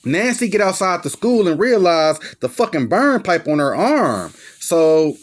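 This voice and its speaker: A man's voice: high voice, big pitch swings, unhurried. A young man giving a casual, slangy, profane movie plot recap as the host of his own channel, acting out the characters as he goes. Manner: loose, slangy, profane, acts out lines. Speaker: movie reviewer.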